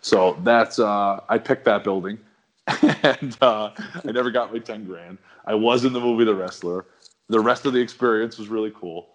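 A middle-aged man telling a long story in a relaxed, rambling, slangy way as a guest on a chat show. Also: on the low side, moderate pace. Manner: rambling, laid-back, slangy. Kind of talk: casual storytelling.

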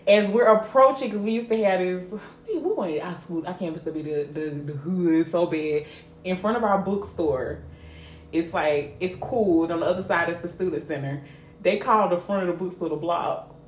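A young woman podcast co-host, telling an animated, profane story in casual chat and laughing often. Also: on the low side, moderate pace. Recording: echoey room with faint ambient noise.

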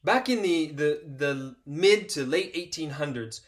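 A man's voice: on the high side, expressive, measured pace. A man preaching a sermon, reading Bible passages with expression and repeating key phrases earnestly.

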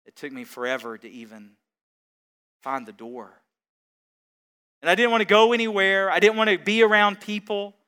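A man's voice: high voice, moderate pace, pauses often, bright, forceful tone, clear, resonant tone. A man preaching a sermon as pastor, building to emphatic repeated phrases and chuckling between points.

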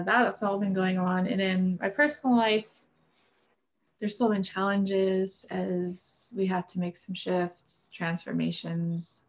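Reflective creaky-voiced woman musing. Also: lowish voice. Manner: reflective, musing, trails off mid-thought. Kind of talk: casual chat.

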